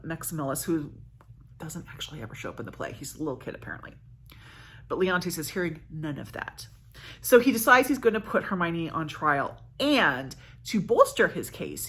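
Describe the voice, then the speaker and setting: A woman's voice: on the low side, bright, forceful tone, slightly rough. A woman vlogger casually summarizing a plot, chatty and correcting herself as she goes. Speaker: book vlogger.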